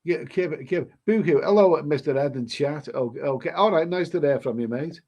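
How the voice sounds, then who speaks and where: A man's voice: a little high, brisk, darkish tone, highs cut off. Scouse man chatting on a live stream. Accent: Liverpool (Scouse). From Liverpool, England. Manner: chatty, rambling, frequent restarts, says "mate". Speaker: travel vlogger hosting a live stream. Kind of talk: casual live-stream chat reading viewer comments.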